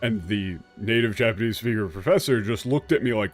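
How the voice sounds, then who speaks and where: A man's voice: fairly low pitch, brisk, few pauses, soft background music. A man streaming a video game, chatting casually in a rambling way and laughing often. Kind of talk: casual gameplay commentary.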